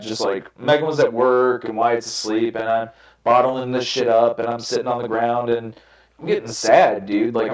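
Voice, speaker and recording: Young male podcast host, candid and profane, rambling storyteller, roomy echoey sound. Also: fairly low pitch. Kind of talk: casual chat. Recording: roomy echo.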